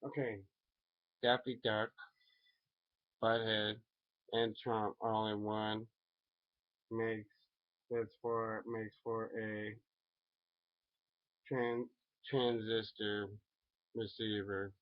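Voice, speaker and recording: A man's voice: lowish voice, flat delivery, drawn-out words, long pauses. A man rambling casually in a solo video, full of fillers. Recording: dull lo-fi recording.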